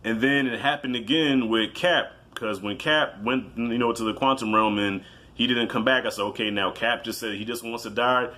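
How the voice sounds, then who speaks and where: Animated, cussing man reviewing a movie. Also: mid-range voice, moderate pace. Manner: animated, profane, storytelling with acted-out reactions. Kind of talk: casual video review.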